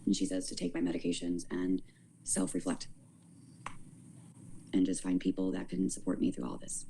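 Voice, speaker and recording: Woman livestreamer, casual rambling talk with halting restarts; low voice with a gravelly edge. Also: monotone, warm tone, a little hiss or hum, poor audio. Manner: rambling, halting, repeats words.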